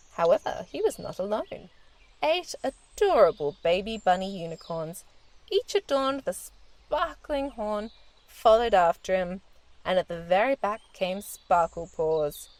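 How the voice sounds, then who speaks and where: Lively, expressive woman storyteller. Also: medium pitch. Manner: gentle, expressive. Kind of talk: children's storybook narration.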